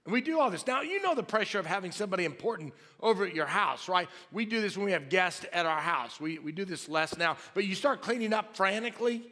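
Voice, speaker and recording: A man's voice: high-pitched, animated, fast talker, few pauses, bright, forceful tone. A man, preaching a sermon and acting out the people in his story. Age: 50s. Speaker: pastor. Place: large church hall. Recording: long hall reverb from a church sanctuary.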